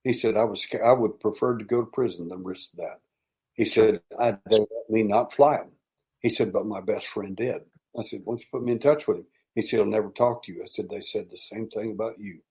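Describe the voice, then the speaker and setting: An American man guesting on a podcast, telling long stories with lively acted-out dialogue. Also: fairly low pitch, fairly quick. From United States. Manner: animated storyteller acting out quoted dialogue. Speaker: podcast guest, alien abduction researcher. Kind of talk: storytelling in casual interview.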